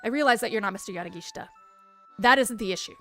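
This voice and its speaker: A woman's voice: medium pitch, rapid-fire, fairly bright tone, soft background music, natural voice. A woman playing a pleading, anxious male clerk. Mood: insistent. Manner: formal and pleading, calls others sir. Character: anxious, insistent male costume-shop clerk.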